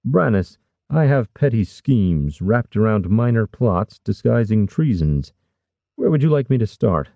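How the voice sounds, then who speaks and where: A man doing a sly scheming old lord, gravelly. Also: lowish voice, very animated, unhurried, no room sound, phone-quality sound, voice pushed up, exaggerated voice. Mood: wry. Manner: scoffing, wry, conspiratorial. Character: sly scheming older male lord, amused.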